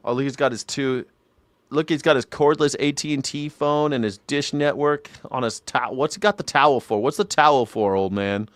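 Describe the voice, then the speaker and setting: A young adult man hosting a live news and culture commentary stream, loud and mocking, swearing freely and mimicking the clips he plays. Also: medium pitch, normal speed, no room sound.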